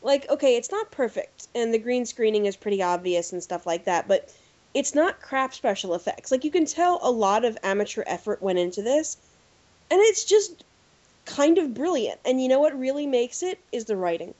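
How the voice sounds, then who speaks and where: A podcast host tells an anecdote in casual chat, an animated woman whose storytelling is lively and heavy with fillers. Her voice is on the high side at a normal speed. The recording is dull lo-fi podcast audio.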